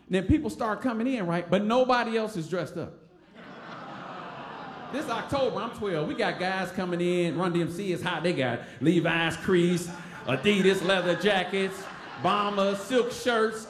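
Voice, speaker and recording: A man with a Detroit accent telling a story live on stage, animated, acting out voices and laughing often. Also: high voice, normal speed, roomy sound.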